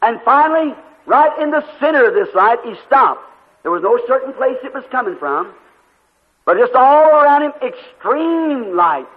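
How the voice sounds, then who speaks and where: Preacher, male, very high voice, fervent storyteller, tinny recording with long hall echo. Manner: fervent storytelling, drawn-out emphatic phrases. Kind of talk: sermon.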